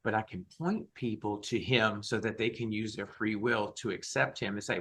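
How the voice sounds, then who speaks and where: Fired-up husky man preaching on a call. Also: lowish voice, normal speed, hardly any pauses. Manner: fired up, emphatic, animated. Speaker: guest, Christian rock singer. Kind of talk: passionate interview talk.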